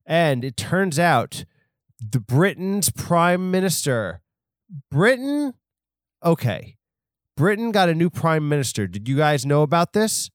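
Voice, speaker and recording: A man's voice: a little high, big pitch swings, a little slow, dry recording, studio quality. A man hosting a solo comedy podcast, talking in a rambling, self-interrupting way full of absurd tangents. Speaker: podcast host.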